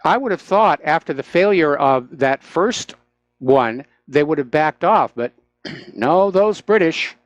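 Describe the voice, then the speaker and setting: A man's voice: on the high side, expressive, slow, dry recording, muffled recording. A man hosting a talk radio show, giving opinionated, sarcastic commentary with frequent "uh" fillers into a studio microphone.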